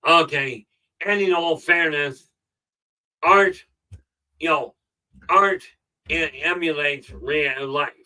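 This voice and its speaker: Rambling man, bright voice, distant mic. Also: a little high, slow pace, pauses often. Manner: rambling, frequent "okay" fillers. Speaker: self-help live streamer. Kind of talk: casual motivational talk.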